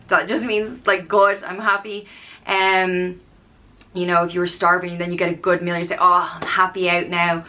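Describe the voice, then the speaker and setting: A woman's voice: lowish voice, monotone, moderate pace, pushed and bright. An Irish woman in her thirties, chatting casually and explaining phrases with lots of ums and playful example lines. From Ireland. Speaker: vlogger.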